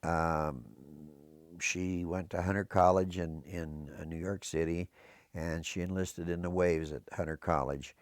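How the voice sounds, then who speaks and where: In a low, steady voice and at a slightly slow pace, an older American veteran describes his service for an oral history project, straying into historical tangents. The recording is dry and clean, studio sound.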